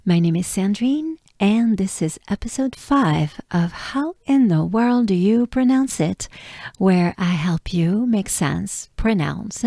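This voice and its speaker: Pronunciation coach, a woman, mellow and dry-toned, hoarse and half-whispering. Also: medium pitch, no echo. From France. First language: French. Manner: patient, breaks words down slowly. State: strained voice, often fading to a whisper. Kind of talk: pronunciation lesson.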